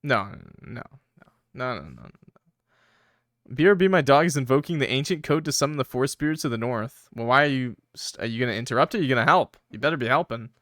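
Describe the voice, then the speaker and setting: A man streaming a game, commenting casually, excitable and joking, laughing and swearing. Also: medium pitch, very fast, few pauses, no echo, clean studio sound.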